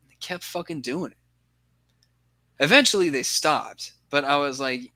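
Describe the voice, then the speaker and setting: Bright-voiced swearing storyteller man. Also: on the high side, measured pace, pauses often, no echo. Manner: rambling storytelling, heavy swearing. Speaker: podcast co-host. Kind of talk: casual chat.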